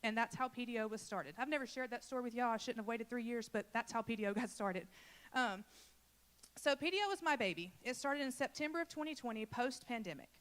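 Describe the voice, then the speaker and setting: A woman's voice: fairly high pitch, lively intonation, fast, a bit bright. A woman from Louisiana who leads a church children's ministry, giving an earnest and emotional personal testimony and talking straight to the congregation.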